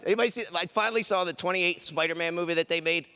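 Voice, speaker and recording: A man works a conference crowd in a stand-up set, his voice bright and forceful. He sits a little high for a man, chatty and loose, slipping into quick quoted voices as he riffs. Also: clear, resonant tone. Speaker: stand-up comedian. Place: conference stage.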